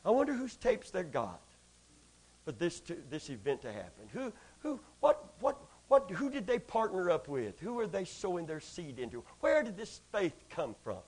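A man preaching a sermon, swinging between shouted peaks, whoops and hushed passages. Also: high-pitched, very animated, normal speed, breathy edge.

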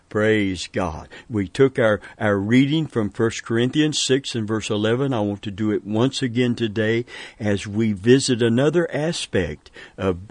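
Slow-spoken man teaching a Bible study. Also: medium pitch, no echo. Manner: chuckles often, leads with 'amen' and 'praise God'.

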